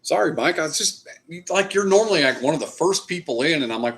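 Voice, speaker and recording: A man's voice: fairly high pitch, animated, fast talker, fairly bright tone. A man hosting a casual live stream, chatting loosely with viewers and swearing now and then. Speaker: livestream host. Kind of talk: casual live chat reading comments.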